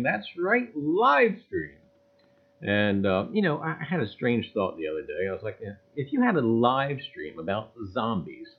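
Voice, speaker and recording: A middle-aged man hosts a casual livestream with a folksy, rambling manner. His pitch sits a bit high and leaps around animatedly from word to word. The audio is thin and tinny, like a phone line. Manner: folksy, greets viewers by name, repeats "I tell you what". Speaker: livestream host.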